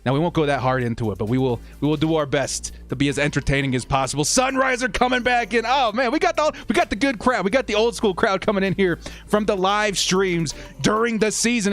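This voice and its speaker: A man's voice: high-pitched, fairly bright tone. A young man hosting a casual fan live stream, upbeat as he reads viewer comments and thanks supporters.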